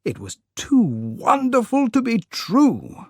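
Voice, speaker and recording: An audiobook narrator reading a classic story slowly and clearly for English learners, with an expressive delivery. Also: medium pitch, no echo, clean studio sound.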